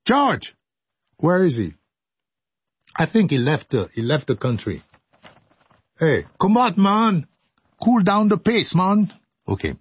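A husky-voiced man reads radio script and keeps breaking into jokes and bits of song. His pitch swings widely as he banters. The sound is dry and a little dull, close in a studio. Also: very animated, slow pace, long pauses, dry recording. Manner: playful, joking, breaks into laughter and singing. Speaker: radio host. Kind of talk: outtakes of scripted radio narration.

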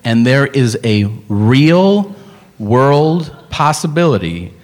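A man's voice: medium pitch, sing-song, slow, big-room sound. A male stand-up comedian ranting in an incredulous, profane way.

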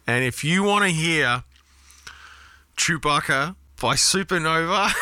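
Bright-voiced, sweary radio host. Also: male voice, on the high side, animated, slow, long pauses, dry recording. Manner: earnest, profane and consoling. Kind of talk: casual on-air chat taking listener requests.

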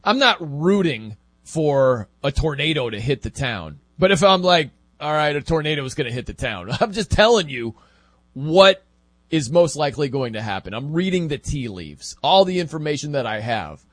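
A man hosting a casual sports talk show, chatty and animated, with laughing asides. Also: fairly high pitch, normal speed, no echo.

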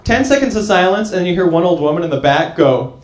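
A man doing a stand-up comedy set, telling jokey stories with an animated, laughing delivery. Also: high voice, fast talker. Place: comedy club stage before a live audience. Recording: echoey club with crowd.

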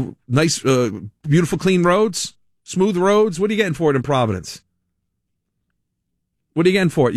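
On his talk radio show, a medium-pitched man mocks and ridicules in a sarcastic monologue, breaking into frequent laughter. It's recorded at studio quality, with no audible room sound.

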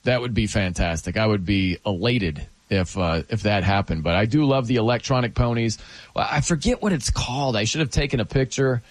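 A man hosting a casual late-night chat on a studio mic. He talks in an animated way and exclaims often. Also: lowish voice, brisk, dry recording. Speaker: radio host.

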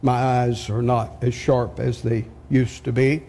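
An older man preaching a sermon, slow and emphatic, asking his listeners rhetorical questions. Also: mid-range voice, little pitch movement, warm tone. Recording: long hall reverb.

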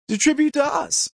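A man hosting a talk radio show, delivering an opinionated monologue full of rhetorical questions and quick impressions of people. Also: very high-pitched, no echo.

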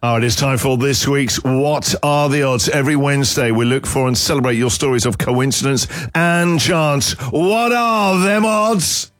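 A man's voice: mid-range voice, normal speed, hardly any pauses, dry recording, clean studio sound. Playful, teasing radio host man. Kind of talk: breakfast radio banter.

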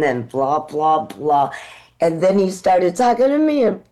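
An American woman actor, a guest in an interview, telling lively stories and acting out the dialogue in them. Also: lowish voice, measured pace, poor audio. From United States. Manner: animated, acts out dialogue in her stories. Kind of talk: conversational interview storytelling.

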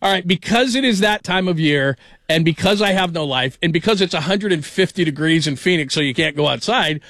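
A man hosts a sports radio show in a studio, chatting casually, rambling and laughing a lot. His voice sits on the high side and sounds animated, fairly bright and a bit quick. The recording is dry and studio-quality, captured on a studio microphone.

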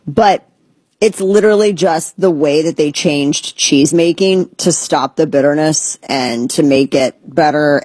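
A woman's voice: deep voice, a little mellow, husky, no room sound. A woman hosting a talk show, giving blunt, sarcastic, rambling commentary. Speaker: podcast host. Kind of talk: opinionated casual commentary.

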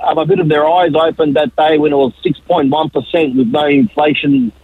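An Australian truck driver in his forties calling a radio show, halting, with many fillers and the odd joke. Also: on the high side, fairly even intonation, slightly rough, no echo. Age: 40s. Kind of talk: talkback call. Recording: tinny phone line.

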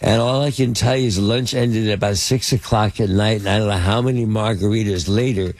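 An older man tells show-business stories in a gravelly, slightly husky voice. He stumbles through ums and false starts, circling back before landing each point. The sound is close and dry. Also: on the low side, steady tone, no echo. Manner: halting, lots of fillers and restarts. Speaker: interview guest, film producer and actor. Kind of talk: anecdotal storytelling in conversation.

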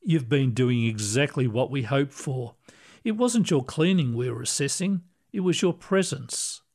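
A man reading aloud, voicing a kindly, calm male ghost librarian who speaks gently and reassuringly. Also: mid-range voice, measured pace. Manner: gentle, reassuring, soft-spoken.

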